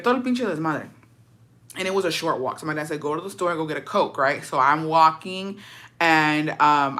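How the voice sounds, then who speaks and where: A young woman casually telling a story in a profane, slangy, animated way, dropping in Spanish phrases. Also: sits low. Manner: animated, dramatic retelling. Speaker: storytime vlogger.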